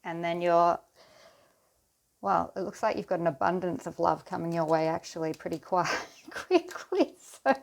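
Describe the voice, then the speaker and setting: A woman giving a pick-a-card tarot reading to her viewers, talking in an unhurried, soothing way and speaking to them directly. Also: lowish voice, little pitch movement, gravelly.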